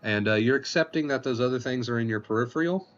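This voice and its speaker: A man hosting a livestream as an anxiety recovery coach, explaining points slowly and often repeating himself while reading chat aloud. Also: medium pitch, highs cut off, slight background noise. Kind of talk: casual livestream advice talk.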